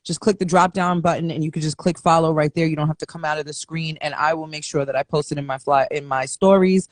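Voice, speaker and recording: A woman hosting a live online interview, speaking supportively with halting restarts and fillers. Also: sits low, steady tone, no room sound. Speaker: host of a live online show. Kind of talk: interview host talk.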